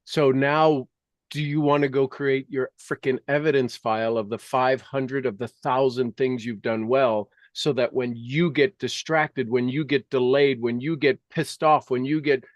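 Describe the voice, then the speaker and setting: A man's voice: mid-range voice, fairly even intonation, unhurried, dry recording, studio quality. A man hosting a coaching conversation, emphatic and repetitive as he drives his points home. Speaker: leadership coach and host.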